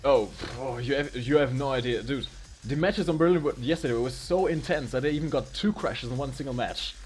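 Over a slight hiss or hum, a man with a darkish mid-range voice commentates a live video game match. The esports caster keeps up quick, jokey, playful banter.

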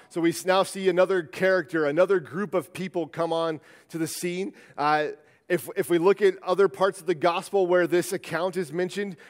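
A man preaching a sermon in a church sanctuary, in a conversational style that often restarts and repeats words. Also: a little high. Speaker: pastor. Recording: long church-hall reverb.

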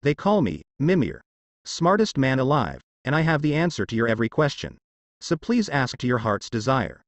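A man's voice: mid-range voice, sing-song, moderate pace, dry recording. A man reading the part of a wise, dry, self-important talking head. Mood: grand.

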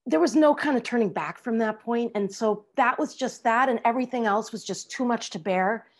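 Actress on a video call, middle-aged woman, kinda high voice, lively, acts out what people said. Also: moderate pace. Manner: animated, acts out quoted lines with laughs. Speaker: actress guest. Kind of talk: casual interview chat.

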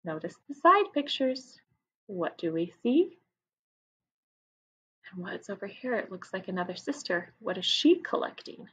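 Teacher reading aloud to kids, expressive and animated, a little husky. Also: female voice, medium pitch, unhurried, pauses often, dull audio. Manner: expressive, asks listeners questions. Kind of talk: reading a picture book aloud to a class.

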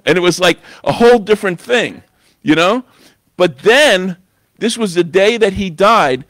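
A man's voice: sits high, expressive, moderate pace, fairly bright tone, no echo. A man preaching a sermon in church, talking in a conversational way and often asking "you know?". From New York. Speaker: guest preacher.

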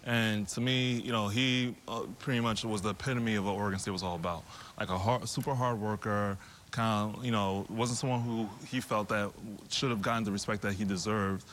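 A man's voice: lowish voice, steady tone, a bit bright, a little hiss or hum. A man, a former player on a sports panel, speaking casually with many restarts. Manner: halting, with restarts and fillers.

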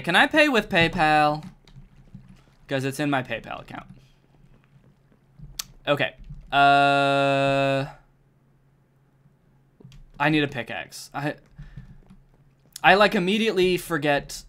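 A man's voice: mid-range voice, smooth. A young man streaming a game, chatting casually and jokily to himself and his viewers, with keyboard typing behind him. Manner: jokey, excitable, talks to himself and to chat.

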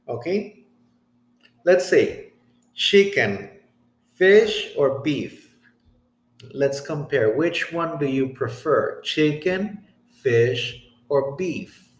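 A man teaching English grammar in a recorded lesson, reading example sentences slowly and checking in with "okay?". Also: fairly high pitch, animated. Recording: echoey room.

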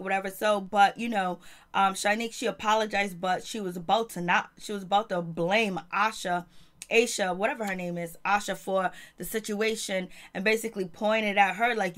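A woman's voice: mid-range voice, steady tone, fairly quick, fairly bright tone. A woman casually recapping a reality TV episode in slangy talk, acting out the quotes as she goes. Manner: slangy, retells scenes in quoted voices. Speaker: TV show reviewer.

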